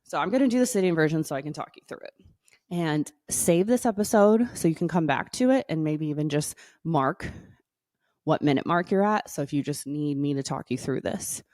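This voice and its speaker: A woman wellness coach leading stretches and guided breathing, playful and upbeat at first, then slow and soothing. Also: deep voice, expressive, warm tone, no room sound, clean studio sound. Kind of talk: exercise and guided breathing instruction.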